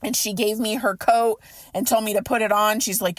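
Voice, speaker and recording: A woman podcast host recounts a personal story in loose, animated conversation, filling it with "like" and quoted inner thoughts. Her voice sits in a middle register. The sound is dry and close, with no room echo. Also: medium pitch, a little fast. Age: adult. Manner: animated, emotional retelling with many "like"s. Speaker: podcast host and mindset coach. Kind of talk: casual storytelling.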